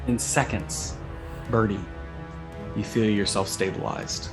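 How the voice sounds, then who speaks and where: Low-voiced man narrating as dungeon master. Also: steady tone, over music. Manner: measured storytelling, voices the characters briefly. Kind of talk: narrating a tabletop game.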